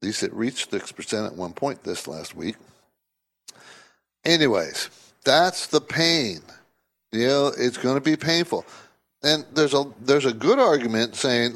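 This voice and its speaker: A man's voice: medium pitch, lively intonation, unhurried, long pauses, a bit bright. A man hosting a call-in finance talk show, speaking emphatically and conversationally, often repeating himself for stress. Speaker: radio show host.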